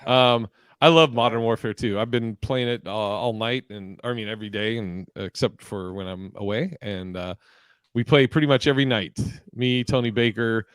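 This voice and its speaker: A man's voice: on the low side, normal speed, clear, resonant tone, no echo. A man hosting a casual comedy podcast, loose and laughing with lots of fillers. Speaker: podcast host. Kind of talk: casual chat.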